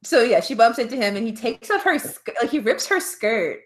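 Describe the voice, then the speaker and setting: A woman's voice: fairly high pitch, big pitch swings, fairly quick. A young woman co-hosting a podcast, recapping a film plot in rambling casual chat, full of "um" and "like" fillers. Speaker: podcast co-host.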